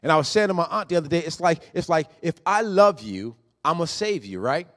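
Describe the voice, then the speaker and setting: Emphatic preaching man, higher voice. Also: lively intonation, a little fast. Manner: conversational preaching, builds to loud emphatic peaks. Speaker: pastor. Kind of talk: sermon.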